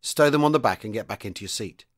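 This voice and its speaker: A man's voice: lowish voice, lively intonation, fast. A man reading the lines of a nervous young British tank commander who tries to sound stern. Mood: trying stern.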